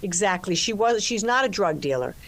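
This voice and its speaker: An older woman talks freely about her work in a relaxed interview. She circles back on her words, starts over, and fills the gaps with "you know." Her voice sits at a middle pitch. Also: brisk, slight background noise. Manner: expansive, restarts often, many "you know"s. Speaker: actress and co-writer discussing her film. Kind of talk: conversational interview.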